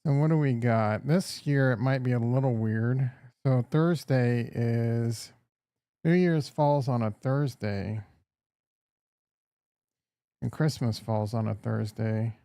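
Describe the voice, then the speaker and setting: Gravelly, rambling man. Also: medium pitch, slow pace, pauses often, warm tone, no echo, studio quality. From Upper Midwest. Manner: rambling, crude, joking with chat. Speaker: livestream host. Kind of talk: casual livestream chat.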